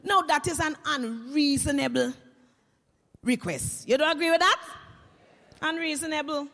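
A Vincentian woman, a teacher, telling comic stories to an audience in a lively, animated way. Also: sits high, unhurried, in a large hall. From Saint Vincent and the Grenadines. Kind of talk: comic stage storytelling.

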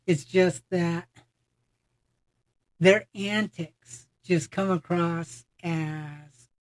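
Measured, hesitant casual talker. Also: medium pitch, fairly even intonation, no echo, rough recording. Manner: measured, thoughtful opinions, hesitant starts. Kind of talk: casual chat watching wrestling.

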